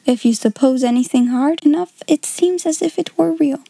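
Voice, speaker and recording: A woman voicing a gentle, imaginative young girl who speaks softly and wonderingly. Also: high-pitched, moderate pace, vocal fry, no room sound. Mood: dreamy.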